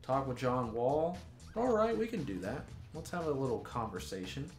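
A man's voice: mid-range voice, sing-song, normal speed, darkish tone, faint music behind. Joking guy with an echoey room sound. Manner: sarcastic, joking banter. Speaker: gaming YouTuber. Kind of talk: casual gameplay commentary.

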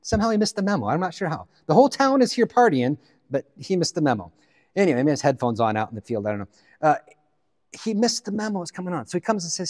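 A man from the Pacific Northwest, a guest pastor, preaching a sermon in an animated storytelling way, with joking asides. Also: a little high, normal speed, long pauses, in a large hall.

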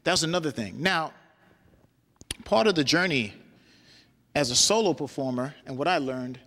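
A man's voice: on the high side, expressive, moderate pace, fairly bright tone. A man giving a loose, conversational talk as a guest lecturer, often checking in with "right?". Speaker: guest lecturer, solo performer. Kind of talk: university lecture with storytelling. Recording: long hall reverb.

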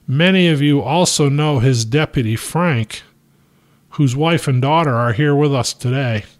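A steadfast small-town pastor, read aloud by a man, delivers a sermon from the pulpit. He preaches in a firm, measured way with emphatic rises, taking his time over every phrase at a mid-range pitch. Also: lightly acted. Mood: resolute.

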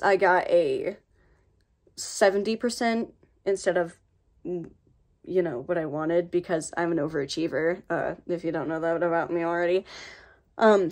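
An American woman hosting a casual voice acting tutorial vlog, talking in a chatty, rambling and playfully sassy way into her own microphone. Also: fairly low pitch.

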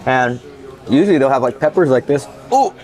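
A man's voice: medium pitch, fairly quick, darkish tone. A man hosting a food vlog at a restaurant table, reacting enthusiastically as he tastes dishes. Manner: enthusiastic, tasting and reacting aloud. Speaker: food vlogger host. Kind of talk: casual food tour vlog.

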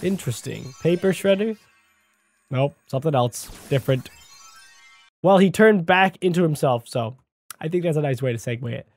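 A man giving jokey, excitable let's-play commentary as a gaming YouTuber, talking to the character on screen. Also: on the high side, normal speed, pauses often, soft background music.

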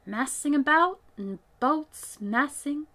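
A woman's voice: a little high, huge pitch swings, unhurried, bright, forceful tone, full character voice. A woman voicing a kindly, old-fashioned male water rat in a storybook reading, hearty and dreamy in turn. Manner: hearty, solemn, dreamy about boats.

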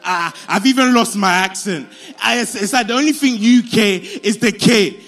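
Actor as put-upon husband, high, raspy and plaintive. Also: male voice, moderate pace, a bit bright. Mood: lamenting. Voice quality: pleading, whiny. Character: weary overworked husband, hard-pressed and self-pitying. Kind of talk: stage drama acting.

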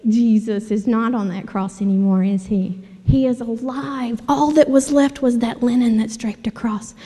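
A woman leading a children's sermon, animated and asking the kids questions. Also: on the high side, moderate pace. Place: church sanctuary. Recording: long church hall reverb.

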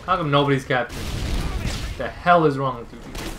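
A man giving live commentary on his own gameplay, ranting, yelling and sarcastically griping at teammates. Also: mid-range voice, a little fast, noisy background. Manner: raging, yelling outbursts at teammates.

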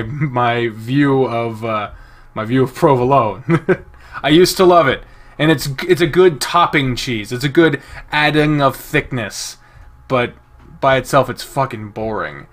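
A man's voice: medium pitch, measured pace, fairly bright tone. A young man reading a visual novel aloud, breaking off for casual, joking commentary with plenty of swearing. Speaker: game streamer.

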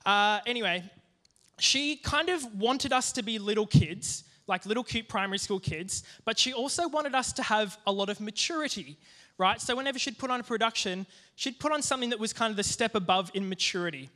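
A young man giving a youth sermon, telling a personal story in a lively, joking way with plenty of asides. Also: high-pitched, a little fast. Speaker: youth group speaker.

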